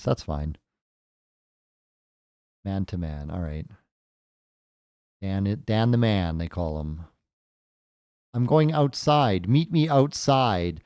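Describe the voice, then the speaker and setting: A man's voice: low-pitched, dark tone, no echo, clean studio sound. A man casually commentating as he plays a game for the first time, thinking aloud with jokey asides. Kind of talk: casual let's-play commentary.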